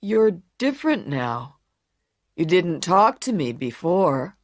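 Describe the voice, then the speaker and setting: A woman voicing a big, tough but gentle young male boxer, speaking low and calm in a graded reader story. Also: slow pace, no echo, clean studio sound.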